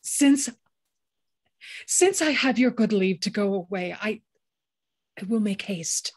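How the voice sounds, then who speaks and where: A woman's voice: medium pitch, expressive, slow, darkish tone, husky, no echo. A woman reading the part of an eager young male lover in an unrehearsed play reading, slightly hesitant with restarts. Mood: earnest.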